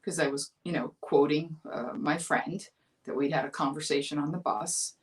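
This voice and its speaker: A woman's voice: low-pitched, normal speed, far from the mic. A woman in her fifties from Florida, hosting her own livestream show and telling a childhood story in a chatty, amused way, laughing through it. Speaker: comedian host of a weekly livestream talk show. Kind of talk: casual storytelling monologue.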